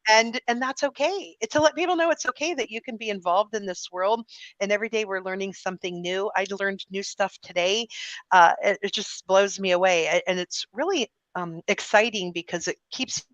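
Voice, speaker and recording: A woman guest in a casual chat, telling stories in an animated way with lots of giggles and restarts. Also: mid-range voice, fairly quick, dry recording, dull audio.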